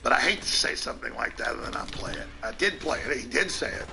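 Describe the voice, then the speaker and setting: A man's voice: medium pitch, lively intonation, creaky, music in the background. A male talk show host ranting emphatically in commentary. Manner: emphatic, rapid, conspiratorial.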